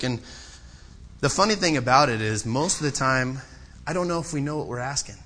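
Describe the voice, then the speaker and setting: A man preaching a sermon, swinging between loud, impassioned pleading and quiet, personal storytelling. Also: a little fast. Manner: impassioned, rising to loud pleading then dropping low and personal.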